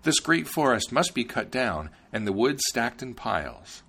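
A man voicing a gentle young princess who commands gnomes, raising his voice high for her calls. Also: sing-song, a little slow, vocal fry, breathy edge, heavily acted. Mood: commanding.

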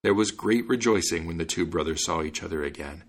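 A man hosting a podcast, narrating a fairy tale in an expressive reading voice. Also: sits low, fairly quick. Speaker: podcast host and reader. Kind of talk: storybook narration.

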